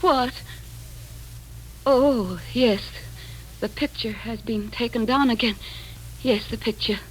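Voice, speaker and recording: An actress playing a frightened, fragile Victorian wife in 1940s radio acting style, with breathless, pleading and tremulous speech. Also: female voice, fairly high pitch, slow, slight background noise, low-quality recording.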